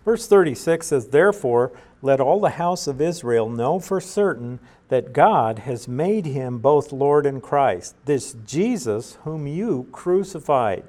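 A man's voice: mid-range voice, lively intonation, warm tone. Man teaching scripture verse by verse. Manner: measured, explanatory, with frequent uhs and restarts. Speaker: Bible teacher.

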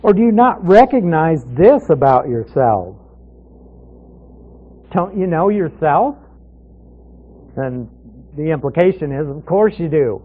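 A man with a fairly high voice teaches through a Bible passage verse by verse. He talks conversationally, asking questions and answering them himself. The sound is thin and phone-like, as on a radio broadcast. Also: very animated, takes it slowly, pauses often.

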